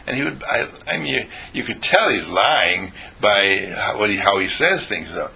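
Older guy rambling thru a spiritual pep talk, gravelly, husky, lively ups and downs. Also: on the low side, moderate pace, few pauses. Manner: folksy, playful, meandering. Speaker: teacher of a spiritual group.

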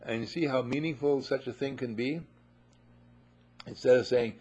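A man preaches to a live audience in a husky voice of middle pitch, animated and quick to act out the people in his stories. The sound is a dull, lo-fi recording. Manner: animated, acts out voices, repeats "you see". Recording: muffled lo-fi recording.

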